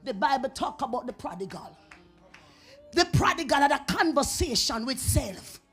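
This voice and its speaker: A Jamaican woman preaching a revival sermon in a church, dropping to whispers and rising to shouts. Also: high voice, expressive, normal speed, faint music behind. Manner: swings from whispers to shouting, chanted tongues. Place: church sanctuary.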